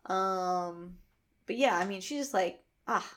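A woman in her thirties chats casually as a podcast co-host, her voice sitting in a middle pitch. She tells animated stories and fills them with constant "like"s and quick asides. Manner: chatty, many "like" fillers, animated storytelling. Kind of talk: casual chat.

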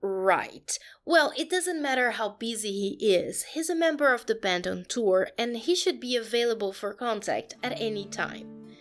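A woman's voice: on the high side, normal speed, lightly acted. A woman voicing a young female tour assistant who speaks in a clipped, no-nonsense way. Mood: curt.

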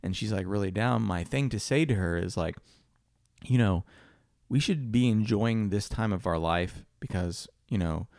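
A young man co-hosting a podcast talks in a loose, rambling way, full of fillers and casual swearing. His voice sits a little low and has a gravelly edge. The sound is dry and close, with no room around it. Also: normal speed, darkish tone, dry recording. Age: young adult. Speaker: podcast co-host.

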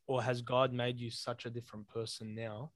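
A man's voice: mid-range voice, little pitch movement, normal speed, no room sound. A young man, co-hosting a casual podcast and telling a personal story in an earnest, heartfelt way with plenty of slang. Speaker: podcast co-host.

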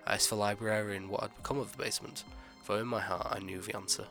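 Male horror narrator, gravelly, bright and forceful, measured and dramatic. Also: on the low side, steady tone, faint music behind. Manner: measured, dramatic first-person telling.

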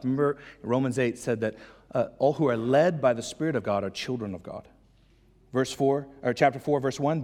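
A man preaching a sermon as pastor, casual and animated, breaking into excited high-pitched voices to act out lines. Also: brisk. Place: church hall. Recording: long hall reverb.

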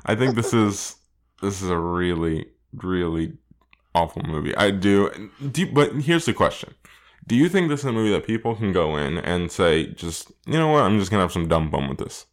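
A man reviewing a movie in casual chat, animated, laughing often and using many fillers. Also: low voice, moderate pace.

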